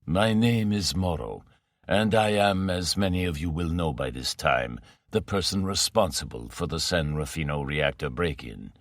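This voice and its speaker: A man reading the part of a smooth, educated male villain with a non-American English accent, speaking calmly and with measured menace. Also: low-pitched, no echo, studio quality, voice pushed down. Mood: coolly threatening.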